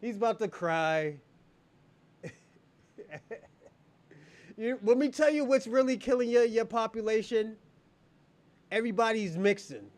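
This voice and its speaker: Male livestream host with a high voice; taunting banter with chat, crude and laughing. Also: expressive, unhurried, pauses often, a little mellow. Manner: mocking and taunting, laughs often, heavy profanity. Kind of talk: casual livestream banter with viewers.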